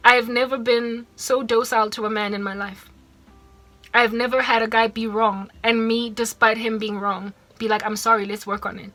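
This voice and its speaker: A woman's voice: fairly high pitch, flat delivery, normal speed, bright, forceful tone. A woman from South Africa with a South African accent, telling a personal story on her vlog, emotional and repeating herself as she quotes the people involved. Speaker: vlogger.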